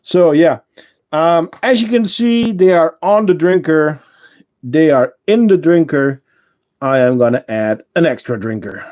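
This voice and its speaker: A man hosting a casual livestream, chatting with viewers and answering their comments, unhurried and full of fillers and self-corrections. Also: fairly high pitch, lively intonation, a little mellow. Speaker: ant-keeping channel host and shop owner.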